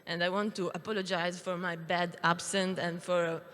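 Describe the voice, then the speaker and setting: A young woman pitching her animation project on stage, nervous and hesitant, with many fillers. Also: little pitch movement, normal speed, fairly bright tone, a little hiss or hum. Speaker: animation student presenter. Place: stage in a large hall. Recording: long hall reverb.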